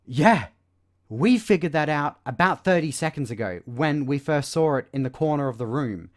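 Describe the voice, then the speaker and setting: A man's voice: fairly high pitch, animated, normal speed. A man giving a casual spoken film review, sarcastic and exasperated, with lots of "like" and "you know.". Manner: exasperated, sarcastic critique with many fillers.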